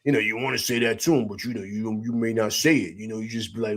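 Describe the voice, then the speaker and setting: Speaking fast in a voice on the low side, a middle-aged host leads a live postgame sports show. He's animated and emphatic, reading chat comments aloud, responding to them, and repeating himself.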